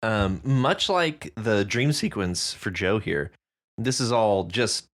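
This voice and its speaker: A woman co-host with an unusually low, deep voice that still rises and falls in a lively way. She speaks slowly and thoughtfully in a casual, easygoing chat and breaks into hearty laughs. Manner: relaxed and easygoing, laughs heartily, drawn-out reflective remarks. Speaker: podcast co-host. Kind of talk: casual chat about submitted stories.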